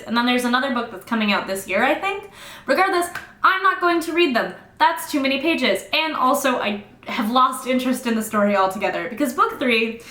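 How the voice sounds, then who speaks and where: A young woman casually recapping a novel with sarcastic, fast-talking, swear-heavy humor. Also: a little high, pushed and bright. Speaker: book reviewer. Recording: roomy echo.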